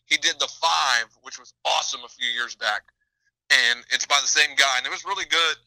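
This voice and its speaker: A man's voice: medium pitch, fairly quick, gravelly, sharp tone, no echo, low-quality recording. A man co-hosting a casual chat, teasing and blunt with his friends. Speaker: podcast co-host.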